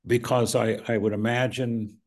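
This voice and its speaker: A man hosting a podcast, asking his guest questions in a measured, deliberate way. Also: medium pitch, little pitch movement, a little mellow. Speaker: podcast host. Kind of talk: interview questions.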